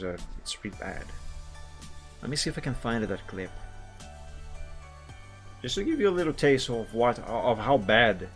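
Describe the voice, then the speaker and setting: Male streamer, average pitch, loose and chatty, pokes fun at himself, soft music bed. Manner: chatty, self-mocking, loose restarts. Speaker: art streamer. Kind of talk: casual livestream chat.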